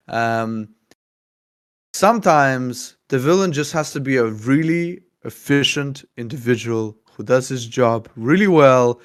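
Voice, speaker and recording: A man's voice: mid-range voice, clean tone. A man co-hosting a casual book discussion, talking in a rambling, playful way. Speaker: book podcast co-host and game master.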